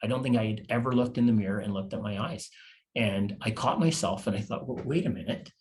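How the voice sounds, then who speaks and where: Halting, low-voiced man in his fifties. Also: a little mellow. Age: 50s. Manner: halting and confessional, repeats words as he searches for them. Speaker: podcast guest. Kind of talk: personal storytelling interview.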